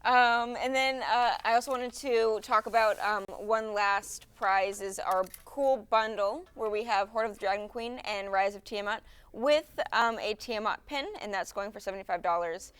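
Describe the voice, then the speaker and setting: A woman's voice: mid-range voice, moderate pace, fairly bright tone, clean tone. A woman co-hosting a charity livestream, talking informally with many ums. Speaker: livestream co-host. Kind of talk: casual livestream chat.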